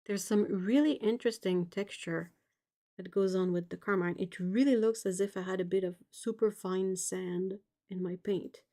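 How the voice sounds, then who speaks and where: This is a forties-aged woman hosting an art stream, talking casually as she paints, reading comments from viewers out loud, and chuckling at her own jokes. Her medium-pitched voice has a dark tone, fairly even intonation, and a normal speed.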